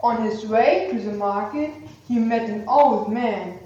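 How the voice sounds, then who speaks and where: A woman reading a children's story aloud slowly and deliberately. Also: on the high side, mellow, far from the mic, slight background noise. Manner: slow, clear, deliberate. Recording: echoey, dull lo-fi room recording.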